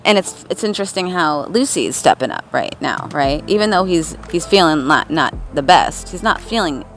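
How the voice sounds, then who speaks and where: Woman, low voice, rambling casual vlog talk, soft music underneath. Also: animated, moderate pace. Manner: rambling, restarts often, frequent "right?". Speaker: channeler and astrology vlogger. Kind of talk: casual spiritual vlog with read-aloud horoscopes.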